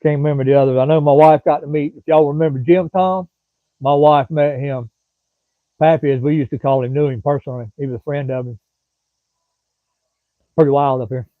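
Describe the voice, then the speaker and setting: This livestream host, a middle-aged man from Florida with a Southern drawl, rambles folksily through casual chat, answering commenters by name. His fairly high voice holds a steady tone, and he talks fairly quickly but pauses often. The sound is dry and thin like a phone, with no echo.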